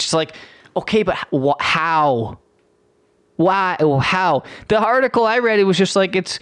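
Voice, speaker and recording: A young man from Canada rambles through a profane, sarcastic rant, often stopping and restarting. His voice runs high for a man. The recording is dry and close. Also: expressive, moderate pace, fairly bright tone, dry recording. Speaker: podcast host. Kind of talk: casual ranting monologue.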